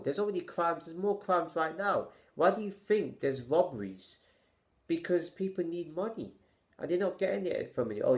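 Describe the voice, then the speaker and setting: A man vlogging his opinions to camera in a halting, stammering way, sighing with exasperation and firing off rhetorical questions. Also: fairly high pitch, a little mellow.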